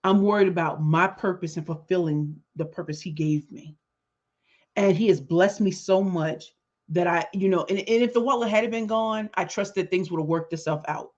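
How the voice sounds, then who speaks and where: A middle-aged woman hosting her podcast, telling a story in an animated, conversational way with emphatic repetitions. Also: on the low side, moderate pace. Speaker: podcast host and business speaker. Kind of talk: storytelling monologue. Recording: dull lo-fi sound.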